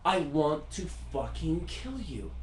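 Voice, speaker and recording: Man playing an angry brooding composer, grumbling, cursing, lively pitch, echoey. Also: slow pace. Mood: seething. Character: furious, brooding male composer. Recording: roomy echo.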